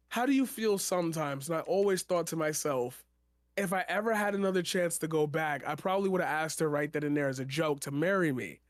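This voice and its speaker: A man's voice: high voice, no echo, studio quality. A young man, a poet guest on a stream, casually telling a rambling personal story, laughing and swearing freely.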